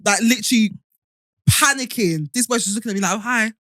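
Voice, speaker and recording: A woman co-hosting a podcast tells a story with lots of energy and laughter. Her voice is bright and forceful. The sound is dry and close, with no room echo. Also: fairly high pitch, fast. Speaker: podcast co-host. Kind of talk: casual chat.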